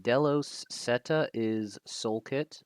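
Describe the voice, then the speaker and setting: A man casually commentating a live stream, thinking aloud with fillers, self-deprecating and quick to laugh. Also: medium pitch, clear, resonant tone, no echo, clean studio sound.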